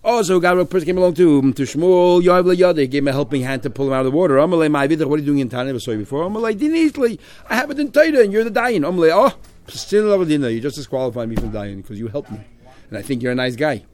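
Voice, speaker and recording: A man teaching a Talmud class, quickly translating Aramaic phrase by phrase. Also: medium pitch, darkish tone.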